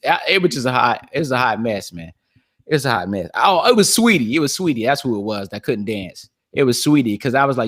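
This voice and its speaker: A man's voice: medium pitch, big pitch swings, fairly quick, fairly bright tone. Slangy, laughing man on a solo podcast. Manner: loose, slangy, repeats phrases, laughs often. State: losing his voice. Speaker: podcast host. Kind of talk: casual solo podcast commentary.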